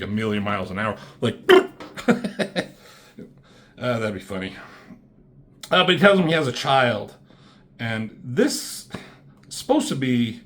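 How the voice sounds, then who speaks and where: A man casually talking through comic book pages, rambling and swearing, with lots of fillers and restarts. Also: mid-range voice.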